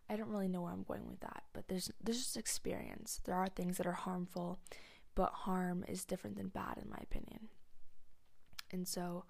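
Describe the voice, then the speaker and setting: Blunt, gravelly-voiced young woman podcaster. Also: lowish voice, flat delivery, normal speed. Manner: blunt, profane and rambling, often dropping to a soft near-whisper. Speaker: podcast host. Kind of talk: candid confessional monologue.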